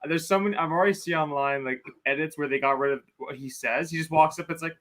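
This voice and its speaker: Chuckling man, slightly high voice. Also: quick pace, fairly bright tone. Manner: chuckling, trailing off, mimics lines. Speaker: podcast co-host. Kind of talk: casual review chat.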